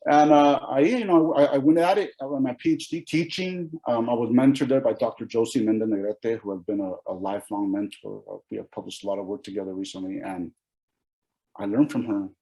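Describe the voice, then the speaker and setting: A man's voice: medium pitch, fairly even intonation, brisk, dark tone, rough recording. A man from Oregon, around his forties, giving a keynote speech as a personal testimony, telling his story with emotion, restarts and quoted dialogue. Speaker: keynote speaker.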